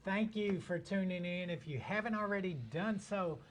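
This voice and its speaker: Playful guy cohosting a live show, kinda high voice, goofing around. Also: normal speed. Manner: upbeat and playful, jokes and mimics. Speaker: co-host of a recovery talk show. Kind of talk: casual live-stream chat.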